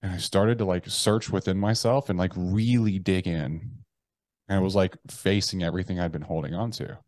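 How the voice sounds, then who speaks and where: A man's voice: low voice, fairly even intonation, moderate pace, a little mellow, no echo. An American man, a guest on a podcast, telling personal stories frankly, with profanity and frequent restarts. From United States. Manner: acts out his own inner voices. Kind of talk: candid interview storytelling.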